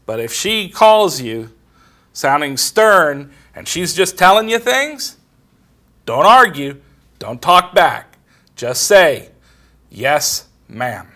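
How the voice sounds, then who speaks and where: A man's voice: on the high side, very animated, slow pace, pushed and bright. A middle-aged man, preaching a sermon and telling everyday stories in a plain, conversational way. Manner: plain storytelling, quoting others in conversation.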